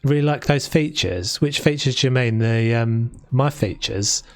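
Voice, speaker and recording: A man's voice: medium pitch, moderate pace, clean tone, no echo, clean studio sound, soft background music. A man from South London with a London accent, chatting casually and rambling on a live stream while he builds in a game. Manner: chatty and rambling, with frequent restarts.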